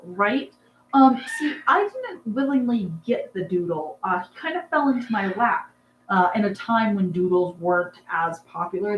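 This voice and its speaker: A woman's voice: on the low side, dull audio. A young woman hosting a casual livestream, rambling and chatty, with plenty of "um"s and asides to her viewers. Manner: rambling, chatty, lots of "um"s, laughs with the chat. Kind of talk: casual live chat. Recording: echoey room with faint background hum.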